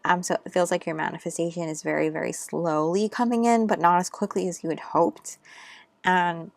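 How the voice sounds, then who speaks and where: A woman with a lowish, steady voice and vocal fry, speaking at a moderate pace, gives a casual, intuitive tarot reading. She's chatty and rambling, uses lots of fillers, and sounds a little out of breath; the recording is dry.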